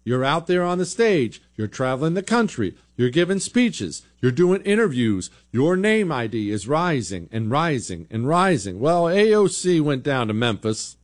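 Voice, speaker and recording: A man's voice: a little high, sing-song, moderate pace, few pauses. A man hosting a political talk show, giving blunt, sarcastic opinion commentary in a conversational way.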